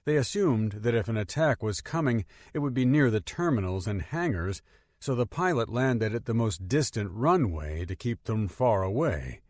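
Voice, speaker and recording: Male audiobook narrator, steady, mid-range voice, dry close recording. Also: mid-range voice, moderate pace, no room sound. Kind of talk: scripted narration.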